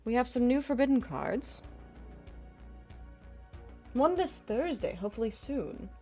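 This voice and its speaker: A woman streamer putting on a soft, gentle motherly voice while chatting with her viewers. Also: fairly high pitch, sing-song, measured pace, soft background music, voice pushed up. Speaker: game streamer. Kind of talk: casual live-stream chat.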